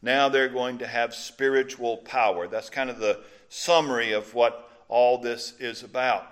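Mississippi preacher, folksy and unhurried. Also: male voice, medium pitch, fairly even intonation, a bit bright. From Mississippi Gulf Coast. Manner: conversational, unhurried, with frequent filler pauses. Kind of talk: sermon teaching with folksy anecdotes.

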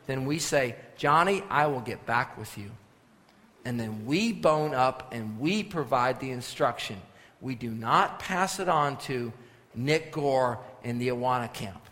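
A man preaching a sermon as pastor, swinging between quiet, firm instruction and loud, forceful scripture reading. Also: mid-range voice. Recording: long reverb of a large hall.

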